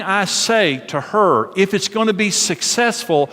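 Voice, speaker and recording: A middle-aged man preaches with earnest emphasis, his voice a little higher than most men's. He sounds like he is in a church sanctuary, and his words ring out with a long, echoing reverb. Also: lively intonation, measured pace, pushed and bright. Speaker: pastor. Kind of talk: sermon on marriage.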